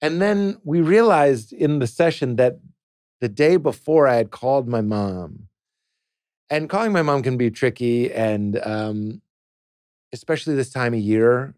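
A man, a comedian guest, tells a personal story in a podcast studio, animated and playful, slipping into quoted voices. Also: medium pitch, no echo. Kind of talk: casual podcast conversation.

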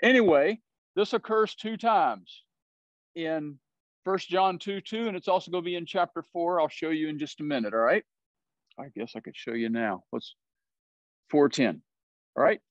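A man's voice: a little high, normal speed, pauses often, no room sound, muffled recording. A man with a Southern US accent teaching a Bible study, explaining words and often checking in with "right?".

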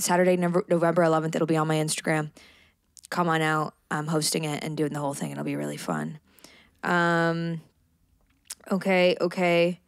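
A woman's voice: fairly low pitch, no echo, clean studio sound. A woman co-hosting a podcast in casual chat, playful and teasing, with lots of fillers. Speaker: podcast co-host.

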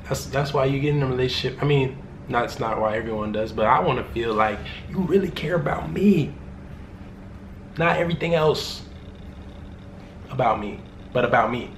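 A man's voice: mid-range voice, slight background noise. A young man answering fan questions in a casual vlog, joking and rambling in loose, slangy talk. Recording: roomy room with faint ambience.

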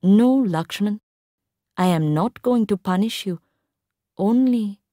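A woman voicing a tall, composed stepmother who speaks in a cool, measured, quietly firm way in a read-aloud story. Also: mid-range voice, no room sound, studio quality, natural voice.

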